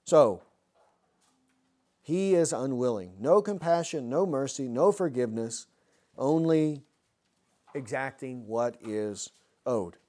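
A man's voice: mid-range voice, lively intonation, slow pace, pauses often, warm tone. A man preaching an expository sermon, earnest and full of rhetorical questions.

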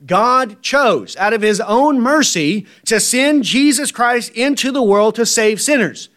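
Male preacher, high voice, emphatic and repetitive delivery, sermon style. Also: expressive, measured pace, fairly bright tone. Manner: emphatic, repetitive, asks the congregation "right?".

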